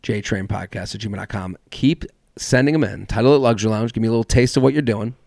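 A man's voice: lowish voice, quick pace, creaky, a little mellow, dry recording, clean studio sound. A young man hosting a comedy podcast, reading listener complaints aloud and ranting back about them with mock outrage and swearing. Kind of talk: casual comedic podcast monologue.

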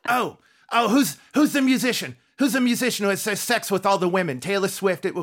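A man putting on a brash, raspy older female comedian, whiny and exclamatory. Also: high voice, animated, a little fast, fairly bright tone.

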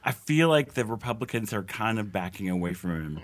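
A man's voice: fairly low pitch, animated, brisk. A man in a casual political chat, sardonic and loose, with many fillers.

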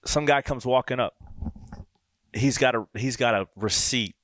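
A man hosting a podcast, telling a casual story with lively quoted dialogue. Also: medium pitch, measured pace, dry recording, clean studio sound. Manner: animated anecdote with quoted dialogue. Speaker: podcast host.

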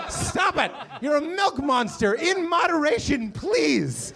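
High-voiced man doing loud stand-up. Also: lively intonation, unhurried, gravelly, hardly any pauses. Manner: loud, swings from shouting to low mumbling. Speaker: stand-up comedian. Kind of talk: stand-up set. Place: comedy club with live audience. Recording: live crowd laughing. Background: audience laughter.

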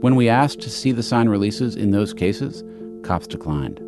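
Male podcast host, deep-ish, animated script read with pointed emphasis. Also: normal speed, over music. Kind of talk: scripted narration.

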